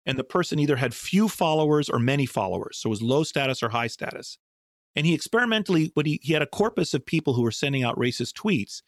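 A man's voice: a little high, expressive, fast talker, no room sound, studio quality. A man answering interview questions in a thoughtful, rambling way, often restarting his sentences. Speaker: guest scientist.

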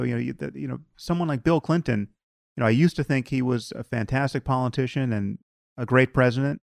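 Gravelly-voiced man hosting a podcast. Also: medium pitch, no room sound, studio quality. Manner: measured, argumentative, many "you know" fillers. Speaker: podcast host. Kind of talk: conversational interview.

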